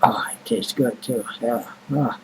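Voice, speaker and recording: A man's voice: medium pitch, fairly even intonation, unhurried, a little hiss or hum, rough recording. A man vlogging in a rambling, casual monologue, blunt and grumbling, with heavy swearing and many fillers.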